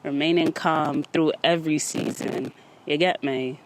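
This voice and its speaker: A woman's voice: low voice, fairly even intonation, unhurried, a little hiss or hum. Woman host, chatty motivational monologue, slightly winded, recorded outside. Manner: chatty, repeats "you get me?". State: a little out of breath. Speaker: podcast host. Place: outdoors.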